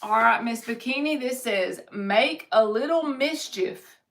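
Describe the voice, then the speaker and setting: A tarot reader with a fairly high, slightly bright voice gives a live-streamed reading at an unhurried pace. She reads viewers' comments aloud and answers them in an upbeat, encouraging way.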